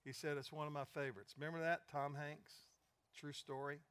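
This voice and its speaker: An older man preaching a sermon, retelling conversations and building to loud, emphatic peaks. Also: a little high, flat delivery, moderate pace, clean tone, dry recording. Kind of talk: sermon storytelling.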